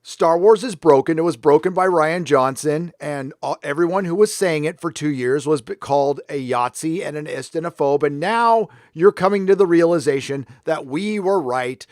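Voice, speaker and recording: An American man hosts a commentary livestream, reacting to clips in a blunt rant and swearing freely. His voice is on the high side and a little mellow, moving at a moderate pace with hardly any pauses. Wearing headphones, he talks into a desk mic, giving a clean studio sound with no echo.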